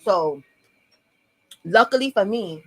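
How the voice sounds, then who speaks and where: A woman's voice: medium pitch, lively intonation, slow pace, fairly bright tone, no room sound, rough recording. A young woman with a New York accent telling a personal story to camera in a blunt, profane storytime vlog, talking straight to her viewers.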